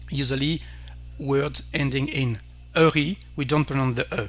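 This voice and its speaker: A man with a French accent, a native French speaker, teaching pronunciation carefully and repeating each word slowly. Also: mid-range voice, a bit bright. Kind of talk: slow pronunciation lesson.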